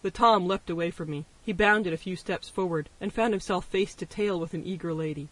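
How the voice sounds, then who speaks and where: A man narrates an audiobook with wry first-person storytelling. His voice sits high for a man, and he sounds distant from the microphone. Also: brisk, a bit bright, no room sound. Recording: voice distant from the mic.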